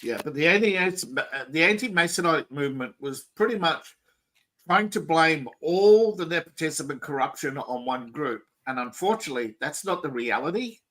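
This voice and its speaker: A man's voice: fairly high pitch, expressive, moderate pace, a bit bright, low-quality recording. A man hosting a casual political talk show, rambling and opinionated, with frequent restarts. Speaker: podcast host.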